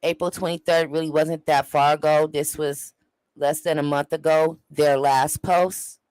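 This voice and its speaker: A man's voice: a little high, level tone, a little slow, a little mellow, clean tone, no echo, rough recording. A man in his forties hosting a show, making emotional, preacher-like appeals to his viewers. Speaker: show host. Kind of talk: livestream commentary.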